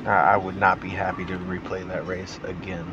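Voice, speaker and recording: A man's voice: low voice, level tone, moderate pace, lo-fi sound. A man giving frustrated, swearing commentary while playing a racing game, with noisy game sound behind his voice. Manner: swearing, exasperated, grumbling. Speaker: gaming channel host.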